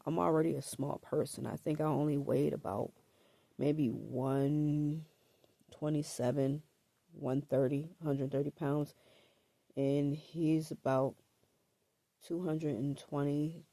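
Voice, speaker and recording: A woman with a gravelly, husky voice and a throat scratchy from allergies tells her own story to camera. She talks slowly and haltingly, repeating words and filling pauses with "like" and "um." Her tone is mellow and dark, and the sound is dry and close. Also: sits low, dry recording. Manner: halting and hesitant, repeats words and fills with 'like' and 'um'.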